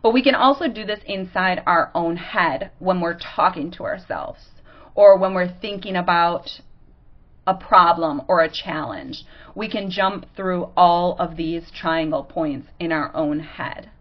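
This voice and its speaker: A woman podcast host giving a casual teaching monologue. She talks conversationally and acts out quick examples as she goes. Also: on the low side, dull audio.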